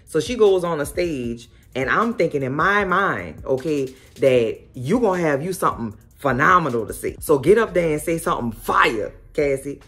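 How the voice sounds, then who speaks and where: A woman hosting a casual recap of a TV episode, telling it in a sassy, animated way full of exclamations. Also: deep voice, moderate pace, few pauses, faint music behind. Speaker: host.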